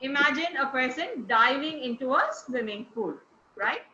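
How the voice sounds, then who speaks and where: A woman's voice: high-pitched, expressive, moderate pace, noisy background. A woman teaching intonation to a class, encouraging and praising students as she goes. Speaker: speech trainer. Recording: roomy, dull-sounding recording.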